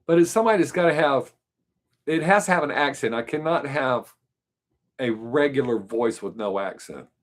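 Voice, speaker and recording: A man's voice: mid-range voice, lively intonation, normal speed. Man musing on a live stream. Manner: musing, rambling, joking. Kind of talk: casual chat with viewers.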